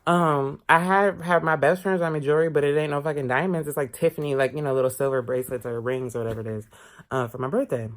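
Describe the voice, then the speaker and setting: A man vlogging a casual storytime, candid and expressive, swearing casually as he talks. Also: on the high side, quick pace.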